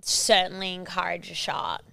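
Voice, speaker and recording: A woman's voice: lowish voice, fairly even intonation, moderate pace, vocal fry, pushed and bright, dry recording. A young woman co-hosting a podcast, chatting casually and acting out quotes. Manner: chatty, laughing reactions, acts out quotes. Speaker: podcast co-host. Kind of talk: casual chat.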